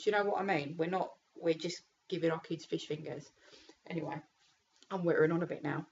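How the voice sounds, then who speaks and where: A woman's voice: low voice, steady tone, fairly quick, creaky, a little mellow, muffled recording, a little hiss or hum. A British woman and mum vlogging candidly, tearful and raw, talking frankly with lots of fillers and some swearing. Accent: British English. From United Kingdom. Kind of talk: candid casual vlog.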